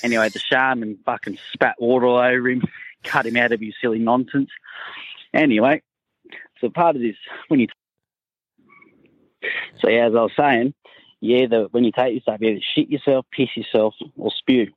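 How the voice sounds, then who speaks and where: A man's voice: medium pitch, steady tone, normal speed, pauses often, no echo, muffled recording. An Australian man telling a crude, rambling anecdote in a recorded voice message. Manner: crude, laid-back yarn-spinning. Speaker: caller sending in a voice message.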